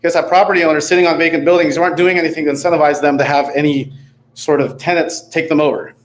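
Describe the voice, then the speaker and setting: Reading from notes in a council chamber, a man delivers a prepared, critical public comment at a city council meeting, his tone sarcastic throughout. His voice sits on the high side with fairly even intonation, and he races through it.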